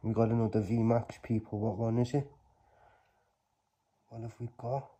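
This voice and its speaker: Excitable man, husky mellow voice. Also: mid-range voice, normal speed. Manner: excitable, bursts of loud exclamations between quiet mumbling; slangy, chatty address to viewers. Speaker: YouTuber opening trading card packs. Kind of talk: casual vlog commentary.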